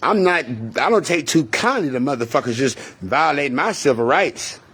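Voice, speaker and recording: A man's voice: fairly high pitch, lively intonation, moderate pace, fairly bright tone, husky. A man from Texas with a Texan accent, telling a story to viewers in a heated, rambling, profane way and often repeating himself.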